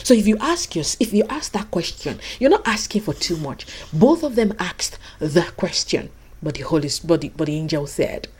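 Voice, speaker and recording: A woman preaching a sermon in an animated way, swinging from soft asides to high cries and acting out the voices in her stories. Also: normal speed, a little hiss or hum. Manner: acts out quoted voices in her teaching.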